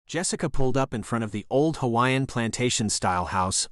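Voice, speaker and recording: A man narrating an action thriller audiobook in a steady, even reading voice. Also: medium pitch, brisk, hardly any pauses, dry recording, clean studio sound. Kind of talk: scripted narration.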